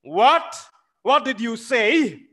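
A man's voice: extremely high pitch, sing-song, takes it slowly, bright, forceful tone, voice pushed up, exaggerated voice. A man reading aloud as a rude, hot-tempered landowner who blusters and challenges in a play reading. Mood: blustering.

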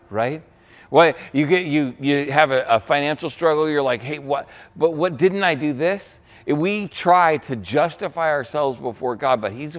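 A young adult man preaching a sermon as pastor, conversational, often checking in with the congregation with quick asides. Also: medium pitch.

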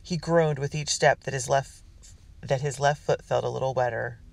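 A man's voice: medium pitch, fairly even intonation, moderate pace, creaky, dry recording. A man narrating a children's adventure story, reading steadily with small slips and restarts. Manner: reads with small slips and restarts, voicing characters. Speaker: audiobook narrator. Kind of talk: scripted narration.

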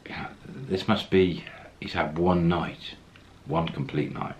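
Very deep-voiced man telling a story. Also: steady tone, slow, a little hiss or hum. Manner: anecdotal, acts out quoted lines, chuckles. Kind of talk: casual storytelling.

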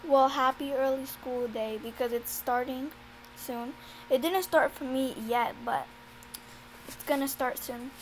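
High-voiced girl chatting to viewers. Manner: rambling, hesitant. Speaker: video creator. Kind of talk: casual chat to viewers. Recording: fan noise behind.

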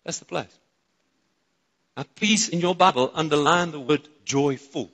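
A man with a South African accent preaching a sermon, excitable and chatting with the congregation between points. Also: on the high side, unhurried. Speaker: pastor. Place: church auditorium. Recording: reverberant church hall.

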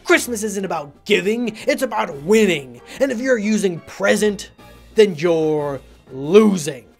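A woman narrating her own comedy video in a swinging, expressive voice that climbs and drops freely. She plays every line for drama. Soft music runs underneath her. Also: medium pitch, moderate pace, gravelly. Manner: melodramatic, theatrical ranting. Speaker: video creator.

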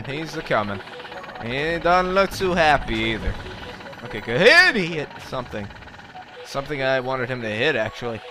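A young man rambling through gameplay commentary, joking to himself and yelping in panic at his mistakes. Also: on the high side. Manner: rambling, jokey, yelps in panic. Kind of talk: let's play commentary.

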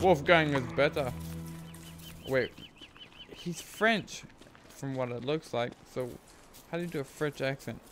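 A man casually talking through his gameplay as a streamer, rambling and thinking aloud, with sudden excited whoops. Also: mid-range voice. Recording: game music playing under the voice. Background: game music.

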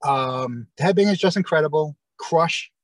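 A man's voice: fairly high pitch, moderate pace, no room sound, rough recording. A man, a guest in an interview, telling a long story in a rambling way with many fillers and restarts, acting out other people's lines.

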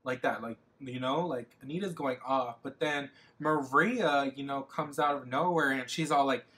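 A man's voice: medium pitch, moderate pace, pushed and bright. A young man rambling casually in a get-ready-with-me makeup vlog, heavy on fillers and self-mocking asides. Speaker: makeup vlogger.

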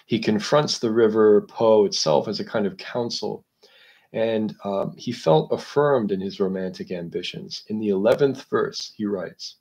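A man hosting a literature discussion, explaining a book in a measured, analytical way while thinking aloud. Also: fairly low pitch, creaky, a little mellow.

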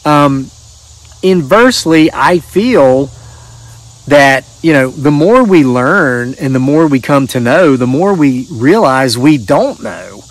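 The middle-aged host of a channel talks with a medium pitch, animated but slow, with no room sound. He chats casually and reads out viewer stories, rambling in a folksy style and restarting often.

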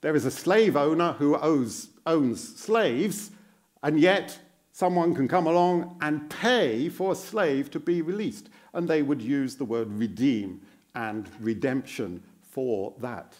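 Man, guest preacher in a church: unhurried, earnest sermon with a lively pitch, quizzing and encouraging the congregation. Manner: repeats phrases for emphasis.

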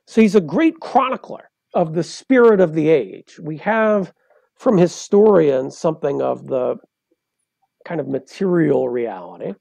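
A man's voice: a little high, animated, a little slow, creaky, darkish tone, no room sound. A man, a poet and translator, explaining things step by step in a professorial way as a guest in an interview. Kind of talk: interview conversation.

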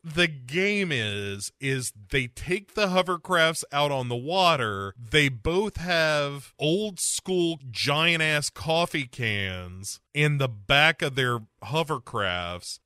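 A man's voice: on the high side, pushed and bright, smooth, no room sound, studio quality. A man co-hosting a comedy podcast, recapping a movie with wry, sardonic asides and frequent laughs. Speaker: podcast co-host.

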